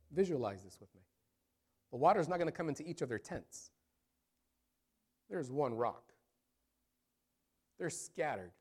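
A male pastor preaching a sermon, emphatic. He slows right down to stress scripture and repeated phrases, and his volume swings from quiet drops to strong build-ups. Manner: voice rises and falls widely in loudness, dropping low then building up.

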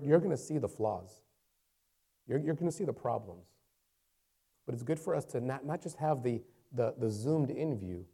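A man's voice: mid-range voice, vocal fry, mellow, husky. A man preaching a sermon, speaking conversationally at first and rising into fervent, raised-voice preaching, repeating phrases for emphasis. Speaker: pastor.

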